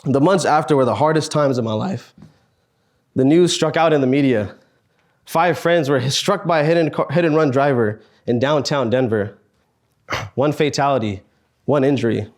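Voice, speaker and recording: A young man in his twenties recounts a personal story to an audience of students. His delivery is earnest and halting, broken up by pauses and heavy sighs, and his voice sits at an ordinary middle pitch. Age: 20s. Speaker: speaker at a student fellows meetup.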